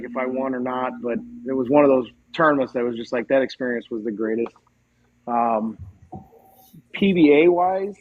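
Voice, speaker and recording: A man as a podcast guest, telling stories in a casual, animated way and acting out the dialogue. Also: medium pitch, lo-fi sound. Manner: animated, acts out quoted dialogue. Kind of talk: casual storytelling.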